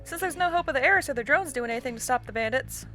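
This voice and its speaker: A woman's voice: sits high, animated, very fast, sharp tone, faint music behind. A woman voicing a cheerful, tough country troll girl in a put-on Southern drawl, folksy in manner. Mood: determined. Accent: put-on American Southern.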